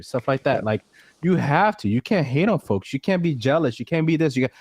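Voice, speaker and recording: A man's voice: on the high side, expressive, brisk, a little mellow, slightly rough, no echo. A man speaking as a guest in a casual chat, earnest and emphatic, often repeating himself.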